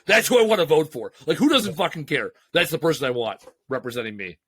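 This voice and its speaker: A man co-hosting a business podcast, telling stories in a profane, excitable, casual way. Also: on the high side, quick pace, husky, no room sound. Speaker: podcast co-host. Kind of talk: casual chat.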